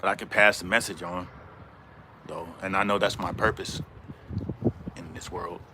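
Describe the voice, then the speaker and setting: A man's voice: deep voice, steady tone, normal speed, noisy background. A middle-aged man hosting a casual livestream, rambling and repeating himself as he greets viewers in the chat, speaking from outdoors in middle Georgia. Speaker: livestream host.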